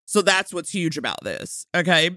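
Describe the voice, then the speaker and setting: A woman's voice: lowish voice, big pitch swings, normal speed, noisy background. A woman co-hosting a podcast, reviewing a TV movie in a casual, emphatic and opinionated way. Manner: emphatic and opinionated, mock-quoting characters. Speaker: podcast co-host.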